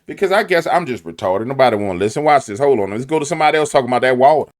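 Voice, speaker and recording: This rapid-fire, medium-pitched speaker barely pauses as he preaches conspiracy theories in a New Orleans accent, his animated delivery packed with slang and repeated phrases.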